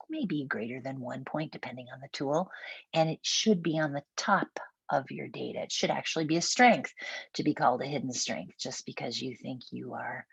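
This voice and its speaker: A woman's voice: a bass voice, creaky, slightly rough, no echo. A woman with a Minnesotan accent facilitating a webinar roundtable, talking conversationally and thinking aloud with small restarts. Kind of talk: webinar presentation.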